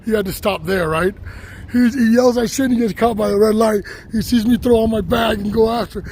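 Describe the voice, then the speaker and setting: A man live-streaming as he walks a city street, talking loudly and excitably, laughing and swearing often. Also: sits high, brisk. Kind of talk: casual live-stream vlog. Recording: noisy street with passing traffic. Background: traffic noise.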